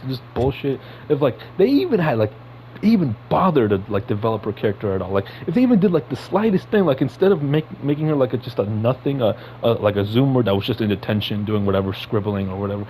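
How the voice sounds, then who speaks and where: Guy ranting hard on a podcast, cusses a lot, mid-pitched voice that shoots up when he gets worked up. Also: warm tone, slight background noise, poor audio. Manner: heated, swearing, sudden high-pitched outbursts. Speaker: podcast host. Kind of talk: casual ranting commentary.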